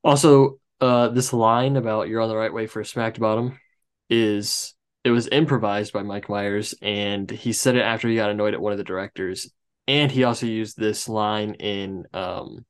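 Podcast co-host, male, lowish voice, relaxed rambling movie chat. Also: moderate pace, clear, resonant tone. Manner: relaxed, rambling with trivia asides. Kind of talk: casual movie review chat.

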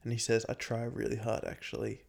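A man's voice: medium pitch, monotone, fairly quick, gravelly, darkish tone. A young man co-hosting a casual podcast, talking earnestly and fondly about films. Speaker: podcast co-host.

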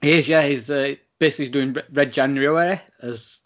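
A man's voice: medium pitch, fairly even intonation, fairly quick, fairly bright tone. A British man co-hosting a casual podcast, friendly and rambling, with many fillers. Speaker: podcast co-host.

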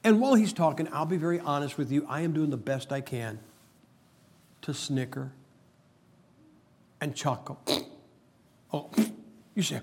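A man's voice: fairly high pitch, lively intonation, moderate pace, creaky, pauses often, a little mellow, breathy edge. A man preaching a humorous sermon, telling stories and making emphatic points with jokes. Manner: joking, storytelling, emphatic preacher.

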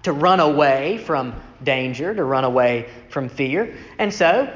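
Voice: animated, unhurried. Conversational preacher in an echoey hall. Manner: conversational, asks rhetorical "right?" questions; acts out quoted speech with shifts in pitch. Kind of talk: sermon, reading scripture and explaining it. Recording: echoey hall, dull lo-fi sound.

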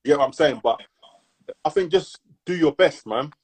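Husky laid-back man. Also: a little high, animated, rough recording. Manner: laid-back, halting, lots of restarts and slang. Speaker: podcast co-host. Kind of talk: casual chat.

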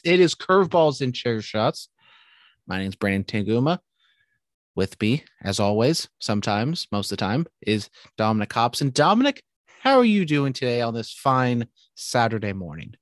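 A young man co-hosts a casual podcast, joking and ribbing his friend with easy profanity. His voice sits a little low. The sound is dry and close. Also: sing-song, normal speed, dry recording. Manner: joking, teasing, swears casually. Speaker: podcast co-host.

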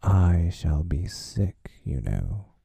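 A man voicing a pompous, self-pitying father in a whispered role-play with a gravelly voice. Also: deep voice, animated, slow pace, mellow, dry recording, full character voice.

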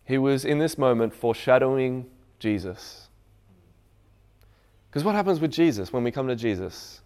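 A man preaching a sermon. He reads scripture aloud and explains it, sometimes quietly and sometimes with raised, emphatic delivery. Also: medium pitch, expressive, moderate pace, long pauses, clear, resonant tone. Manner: swings from hushed reading to raised, emphatic preaching.

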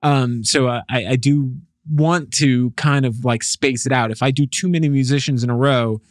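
A man's voice: mid-range voice, fairly even intonation, normal speed, no room sound. Chatty male podcast host, dry close sound. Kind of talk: casual chat.

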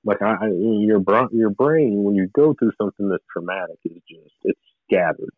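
A man telling his own story as an interview guest, rambling and halting in an earnest, confessional way. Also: fairly low pitch, expressive, dry recording. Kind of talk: personal testimony in conversation. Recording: narrow phone-like line, dry.

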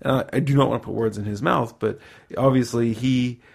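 Gravelly-voiced man chatting. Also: medium pitch, steady tone, a little fast. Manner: rambling, self-correcting, laughs easily. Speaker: podcast host. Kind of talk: casual chat.

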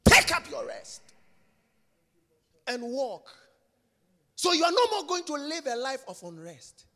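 Male preacher, high bright voice, slow deliberate delivery, emphatic and repetitive. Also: very animated, in a large hall. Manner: emphatic, repeats phrases, swings from shouts to hushed whispers. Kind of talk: sermon.

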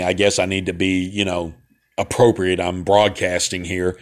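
Laid-back Southern man with a low voice. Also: little pitch movement, normal speed. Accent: Southern US, central Alabama. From Southern United States. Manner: laid-back, folksy, digressive with many fillers. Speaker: host of a talk broadcast. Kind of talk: casual rambling monologue.

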